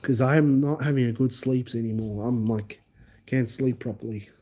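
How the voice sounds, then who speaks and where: An Australian man livestreaming a rambling personal story to his viewers. His voice is very dark and mellow at a middling pitch, and he keeps circling back with repeated phrases and fillers. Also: moderate pace.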